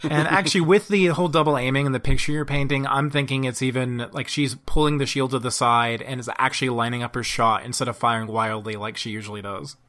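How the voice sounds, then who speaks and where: Man, tabletop player, bright voice, mid pitch, laughs a lot, explains dice and actions. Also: fairly even intonation, quick pace, hardly any pauses. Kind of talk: tabletop game play.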